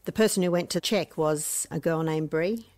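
Middle-aged aussie mum, slightly low voice, earnest and plain-spoken. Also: female voice, moderate pace, darkish tone, dry recording. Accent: Australian. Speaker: mother of a missing man. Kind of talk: emotional interview recollection.

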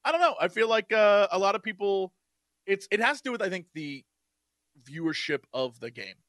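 A man's voice: high voice, lively intonation, normal speed, a bit bright, no echo, studio quality. A man co-hosting a podcast in casual chat, eager and upbeat, laughing often. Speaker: podcast co-host.

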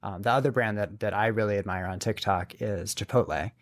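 A man as a podcast guest, explaining social media marketing in a relaxed way with frequent ums. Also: fairly low pitch, brisk. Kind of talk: casual interview talk.

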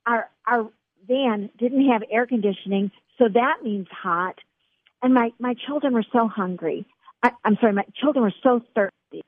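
A woman's voice: a little high, moderate pace, no room sound. A middle-aged woman guest on a faith radio interview, speaking earnestly and encouragingly to the host. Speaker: author and guest. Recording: tinny phone line.

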